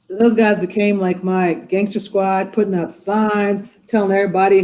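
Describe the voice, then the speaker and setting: A woman in her forties, a judge, telling stories in an animated way on a video call from her courtroom. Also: mid-range voice, moderate pace, hardly any pauses, poor audio. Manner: animated, acts out quoted voices. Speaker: judge, interview guest. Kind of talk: casual storytelling in a podcast interview.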